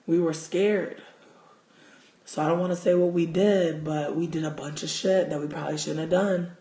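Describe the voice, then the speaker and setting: A man hosting a livestream, telling a story in casual, profane, animated talk. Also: a little high, moderate pace, reverberant. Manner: animated, profane, gets loud and excited. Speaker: livestream host.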